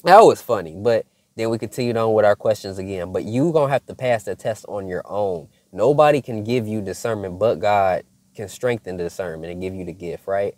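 A man's voice: lowish voice, fairly quick, darkish tone, dry recording. A man sharing a spiritual testimony in a casual, earnest way, talking straight to his viewers. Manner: conversational and earnest, addresses viewers as y'all. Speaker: faith content creator.

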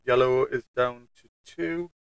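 A man's voice: mid-range voice, steady tone, unhurried, gravelly, clean tone, no room sound, low-quality recording. A man with a Northern English accent keeping score aloud in a casual chat among gamers, often trailing off. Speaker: stream host and scorekeeper.

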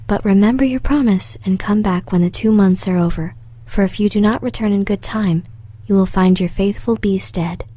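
A woman voicing a sorrowful, gentle male beast in a breathy whisper, as whispered role-play. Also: mid-range voice, moderate pace, dry recording, natural voice. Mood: pleading.

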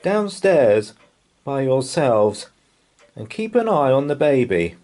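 A man's voice: medium pitch, big pitch swings, slow, a little mellow, voice pushed up. A weary storybook mother elephant, as a man puts her on. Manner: exasperated, sighing.

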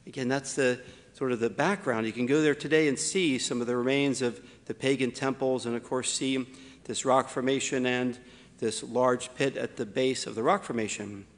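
A man, a priest, preaching a homily with wry asides, slowing down to stress key points. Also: medium pitch, fairly even intonation, long reverb tail. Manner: slows down for emphasis, wry asides.

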